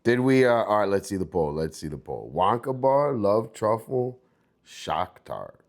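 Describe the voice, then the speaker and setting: A young American man chatting on a livestream in an easy, rambling way. He talks slowly and drawls, but his pitch swings widely when he gets hyped and goes sing-song. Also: big pitch swings. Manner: laid-back, rambling, jumps to hyped sing-song bits. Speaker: livestream host. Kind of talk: casual livestream chat.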